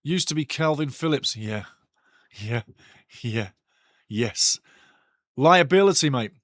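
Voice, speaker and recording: A man hosting a live football watch-along, calling the play and reading the chat in a blunt, excitable, foul-mouthed way. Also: mid-range voice, takes it slowly, no room sound, studio quality. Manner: bursts louder at big chances.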